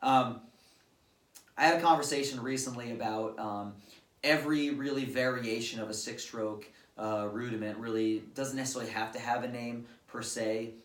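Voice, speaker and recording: A man's voice: mid-range voice, normal speed. A man patiently explaining drum stickings step by step, with casual fillers, as a drum teacher. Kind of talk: instructional drum lesson. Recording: roomy, distant-mic recording with drums. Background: drum kit played at times.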